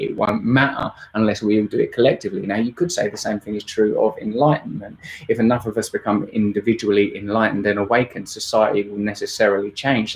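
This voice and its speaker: A man's voice: on the low side, vocal fry, a little hiss or hum. A man, hosting a rambling, jokey live-stream Q&A. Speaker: host.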